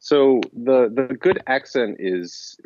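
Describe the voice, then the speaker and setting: A man's voice: mid-range voice, animated, takes it slowly, darkish tone, highs cut off. A man as an interview guest, explaining in casual rambling talk full of restarts and fillers. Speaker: interview guest, language-learning author.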